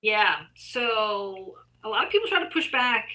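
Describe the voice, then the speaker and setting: A woman's voice: medium pitch, sing-song, measured pace, hardly any pauses, pushed and bright, low-quality recording. A woman guest, an artist and art teacher, speaking bluntly and emphatically in casual conversation, with frequent swearing.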